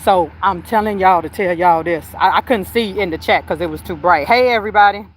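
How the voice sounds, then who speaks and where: A woman hosting a livestream, telling a story in an animated, slangy way while walking outdoors and talking into her phone. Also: fairly low pitch, a little fast, a little hiss or hum. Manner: chatty, animated retelling with slang and swearing. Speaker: psychic medium and livestream host. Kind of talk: casual live storytelling.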